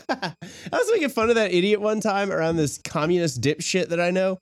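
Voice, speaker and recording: A man's voice: high-pitched, animated, normal speed, dry recording, clean studio sound. Giggly, foul-mouthed man hosting late-night radio. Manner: profane, giggly, rambling. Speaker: radio show host.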